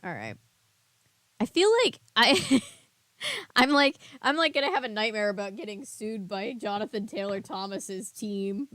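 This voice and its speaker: A woman's voice: mid-range voice, lively intonation, a little slow, fairly bright tone, no echo. A woman hosting a casual book discussion podcast, chatty and giggly, often trailing off into fillers. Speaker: podcast host.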